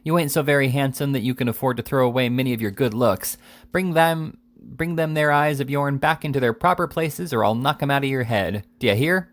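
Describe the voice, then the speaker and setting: A man's voice: medium pitch, brisk, no room sound, lightly acted. A man voicing a blunt, threatening manservant in dialect, reading a classic novel aloud. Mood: gruff. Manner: dialect speech, dropped sounds.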